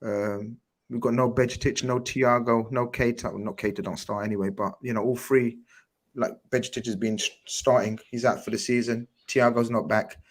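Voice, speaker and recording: A man co-hosting a football podcast, laying out his view in a measured way and pushing back with teasing retorts. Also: mid-range voice, steady tone. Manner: measured explaining, then teasing pushback. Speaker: podcast co-host. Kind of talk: casual football chat.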